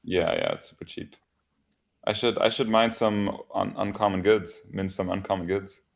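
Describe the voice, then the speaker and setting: A man with a very low voice and a gravelly edge chats loosely on a livestream. He talks in a relaxed way, laughs a lot and swears now and then. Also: normal speed. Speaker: developer co-host. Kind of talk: casual livestream chat.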